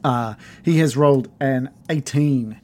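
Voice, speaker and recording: A man's voice: medium pitch, a little slow, a little mellow. A man narrating a tabletop game as game master, loose and hesitant, with many fillers.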